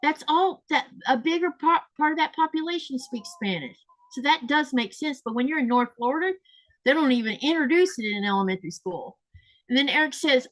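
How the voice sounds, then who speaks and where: Chatty higher-voiced woman host. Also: expressive, moderate pace, a bit bright, low-quality recording. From Southern United States. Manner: chatty, reads viewer comments aloud and laughs often. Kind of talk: casual livestream chat.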